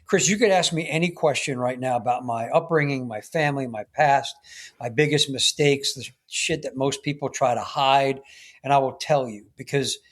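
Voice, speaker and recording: A man's voice: medium pitch, normal speed. Earnest emphatic man coaching on a podcast. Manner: earnest, emphatic, often tags points with "right?". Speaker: guest, men's coach and author. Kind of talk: podcast interview conversation.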